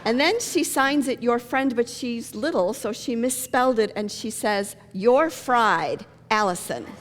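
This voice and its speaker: A woman's voice: a little high, moderate pace, background noise. Woman pastor preaching in a reverberant hall. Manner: storytelling with jokes and laughter. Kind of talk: sermon. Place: church sanctuary. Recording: long reverb of a church hall.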